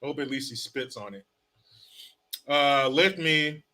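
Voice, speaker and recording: A man's voice: medium pitch, a little slow, bright, forceful tone. A man hosting a casual live stream, reading viewer comments aloud with joking, sarcastic asides. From California. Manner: joking, sarcastic, reads chat names aloud.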